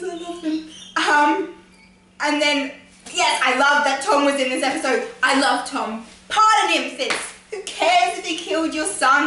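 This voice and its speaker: A high-pitched woman with a bright, sharp voice gushes and rambles through a casual fan review. She sits away from the mic in a very echoey room with a faint hiss behind her. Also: recorded from a distance. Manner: gushing, rambling, often laughing and trailing off. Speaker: vlogger reviewing a TV episode.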